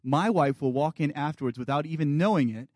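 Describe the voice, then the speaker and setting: Male guest preacher, 30s, earnest sermon delivery, a bit high in pitch, dry close-miked sound. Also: fairly quick, no room sound. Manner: earnest preaching, dropping to soft quiet asides. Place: church sanctuary.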